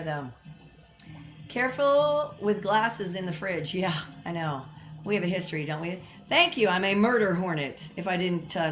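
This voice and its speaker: A woman hosting a casual home cocktail live stream, chatty and rambling with self-deprecating asides, a little out of breath. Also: fairly bright tone. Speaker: home cocktail show host. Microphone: built-in mic, not her usual one. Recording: echoey room, lower audio quality.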